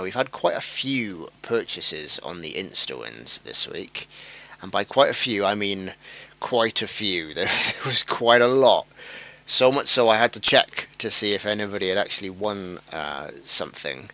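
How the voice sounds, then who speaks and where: A British man hosts a live-streamed prize draw in a lowish voice, chatty and quick to poke fun at himself. His jokes often set off his own laughter. The stream audio is dull and lo-fi. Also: expressive, fairly bright tone, no echo.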